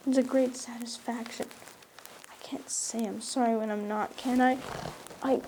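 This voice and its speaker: A woman's voice: fairly high pitch, fairly even intonation, normal speed, dark tone, slight background noise, lightly acted. A woman reading a novel aloud, voicing a stubborn, tearful, dramatic red-haired girl in an impassioned, defiant way. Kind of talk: audiobook reading.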